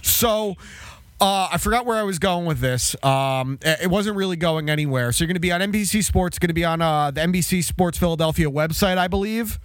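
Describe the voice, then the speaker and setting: A man's voice: sits high, fairly quick, no room sound. A man hosting a podcast in casual chat, swearing and teasing his guest. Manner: profane, teasing. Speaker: podcast host.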